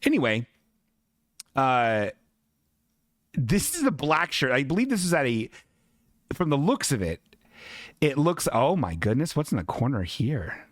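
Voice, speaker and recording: Animated, sarcastic male stream host. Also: medium pitch, measured pace, pauses often, dry recording, studio quality. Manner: profane, sarcastic, animated rants. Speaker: podcast and livestream host. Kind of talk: casual comedic chat reading viewer submissions.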